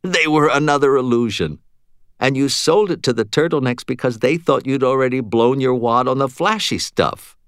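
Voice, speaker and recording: A man's voice: medium pitch, moderate pace, fairly bright tone, clear, resonant tone, no room sound, voice pushed up, natural voice. Male reader playing a wiped-out young woman apprentice, slurred, wry, dry close sound. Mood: tired, wry. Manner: listless, wry. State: slurred with fatigue. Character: young woman wizard apprentice, exhausted, flippant.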